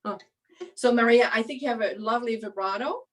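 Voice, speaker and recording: A woman teaching a viola master class, her voice sitting fairly high. She coaches warmly and encouragingly, explaining ideas with many a "you know" as she works. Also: a little fast, poor audio.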